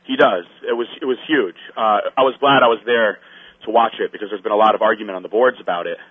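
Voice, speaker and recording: A fast-talking man with a lowish voice tells a story in casual chat, animated as he acts out the other people's quotes and swears. The recording has a tinny, phone-line sound.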